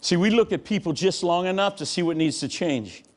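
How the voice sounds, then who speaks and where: A man giving a motivational keynote talk, telling stories in a punchy, animated way and breaking into shouts and acted-out quotes. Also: sits high, a little fast. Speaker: keynote speaker. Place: large hall before a live audience.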